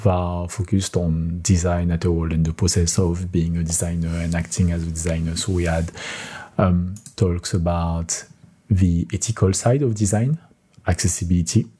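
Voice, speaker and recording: A man's voice: low voice, level tone, moderate pace, slightly rough. A podcast co-host with a French accent, a man who speaks English as a second language, chatting casually and searching for words as he goes. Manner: rambling, searching for words, laughs softly. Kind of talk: casual chat.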